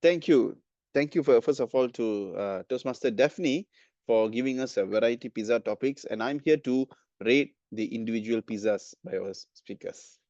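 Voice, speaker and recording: A man's voice: mid-range voice, moderate pace, darkish tone, no echo, lo-fi sound. A man evaluating speeches at a club meeting, hesitant, with many fillers and restarts. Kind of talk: giving spoken feedback at a club meeting.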